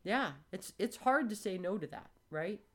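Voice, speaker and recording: A woman in her sixties hosting a casual chat, telling stories with animated, blunt delivery and acted-out dialogue. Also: mid-range voice, moderate pace. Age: 60s. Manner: animated storytelling, swears freely, acts out quoted dialogue.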